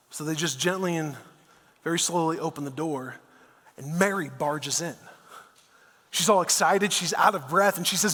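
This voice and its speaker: High-voiced male pastor in echoing hall. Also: normal speed, a bit bright. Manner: conversational storytelling, casual asides like "man" and "dude". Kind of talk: sermon. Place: church auditorium.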